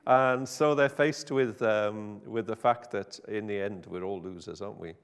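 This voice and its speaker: A man's voice: fairly low pitch, fairly even intonation, normal speed, gravelly, clean tone. A man preaching an informal sermon in a chatty, wry, self-interrupting way. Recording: hall reverb.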